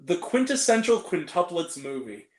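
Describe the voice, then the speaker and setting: A young man with a fairly high voice hosts a casual film chat, animated and ranting, with plenty of swearing. He talks in an echoey room. His pitch jumps up sharply when he gets worked up. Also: normal speed. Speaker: host.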